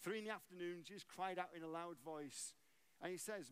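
A man's voice: sits high, fairly quick, smooth. A man giving a sermon as a guest preacher, conversational and joking, asking the audience questions.

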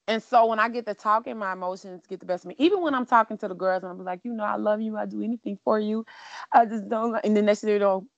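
A middle-aged woman co-hosting a casual chat, telling stories in an emotional, animated way. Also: mid-range voice, dry recording, muffled recording. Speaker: co-host.

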